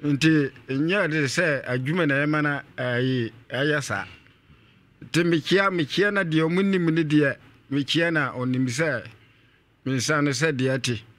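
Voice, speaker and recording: A man's voice: fairly high pitch, unhurried, a bit bright. A man with a Ghanaian accent, a radio guest earnestly telling his personal story and often repeating himself.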